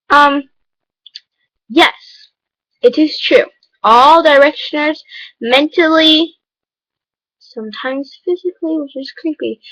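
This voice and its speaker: A woman's voice: high-pitched, a bit bright, dry recording, low-quality recording. A woman vlogger talking to camera in an emphatic, lecturing, chatty way. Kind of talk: casual vlog monologue.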